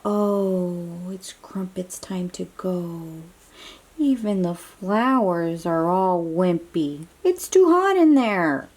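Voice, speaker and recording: Animated, slow-paced woman reading to kids. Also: fairly low pitch. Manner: animated, exclamatory, chatty asides to young listeners. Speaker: children's book reader. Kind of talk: read-aloud storytelling for children.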